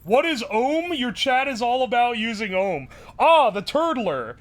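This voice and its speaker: A man's voice: very high voice, very animated, unhurried. A man streaming live, joking with his chat and thinking aloud while he builds something. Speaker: livestreamer. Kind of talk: casual livestream chat.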